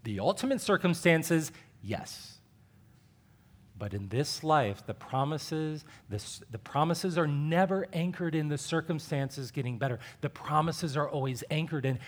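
A man preaching as a pastor in a church, animated, acting out dialogue with rising emphasis. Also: on the high side, measured pace. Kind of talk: sermon.

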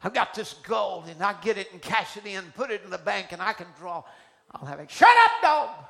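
Man doing a greedy gold miner, boastful, shouting, gravelly, bright. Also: high voice, fairly quick, pitched above the performer's own voice, full character voice. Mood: angry boasting. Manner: shouting, gloating.

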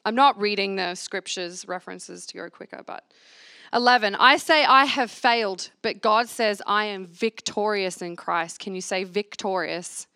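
This earnest woman speaks in a mid-range voice with a sharp tone and normal speed, leading a church gathering in reflection. She reads scripture aloud and has the listeners echo affirmations in a call-and-response sermon. No room sound intrudes on the studio-quality audio.

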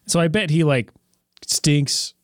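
A man's voice: on the high side, slow pace, no echo, clean studio sound. A man in casual chat, rambling and joking with many fillers and restarts.

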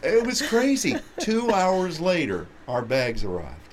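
A man hosting a radio show, telling a lively travel anecdote with laughter. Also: high-pitched, a little slow, crowd noise. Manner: animated anecdote with frequent laughter. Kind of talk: storytelling chat.

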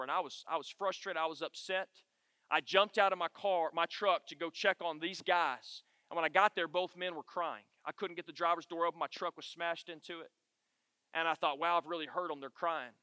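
A middle-aged man, leading a men's Bible study with animated, emphatic storytelling and repeated key phrases. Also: a little high, no echo. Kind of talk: storytelling sermon to a men's group.

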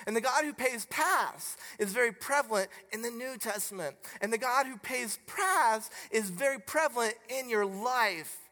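A preacher delivering a sermon in a bright, cutting voice, telling stories with lively, emphatic energy. The sound carries a long reverb, as if from a large hall or church. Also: mid-range voice, moderate pace, few pauses. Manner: animated storyteller, grows loud and emphatic as the story builds. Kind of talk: sermon with personal storytelling.

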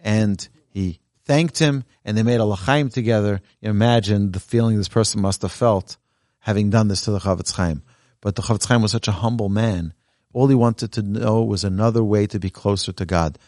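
A male rabbi delivers a Torah talk in a fairly low voice, earnest and exhortative, lifting his pitch for emphasis as he tells a story. The sound is close and dry, with little room echo. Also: moderate pace, a little mellow. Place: Torah learning center, indoors. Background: live audience present.

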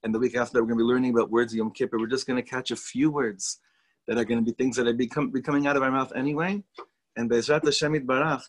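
Chatty man teaching a Torah class. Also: medium pitch. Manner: chatty, enthusiastic, mixes Hebrew and Yiddish words. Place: classroom with students.

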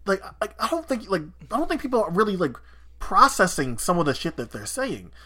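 A man's voice: sits high, huge pitch swings, fairly quick, bright, forceful tone. A man co-hosting a podcast in casual chat, talking heatedly, swearing and restarting his sentences. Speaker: podcast co-host.

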